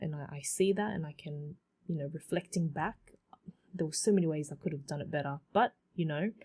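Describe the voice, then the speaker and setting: A woman in her thirties hosting a solo podcast, telling her story in a chatty, animated way with many fillers and repeats. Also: low voice. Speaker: podcast host.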